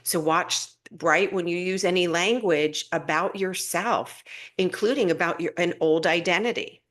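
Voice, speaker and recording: A woman's voice: on the low side, a little slow. Earnest woman giving a spiritual talk. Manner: warm, earnest, laughs often, loose and rambling with restarts. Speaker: spiritual teacher hosting a live stream. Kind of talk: casual spiritual talk on a live stream.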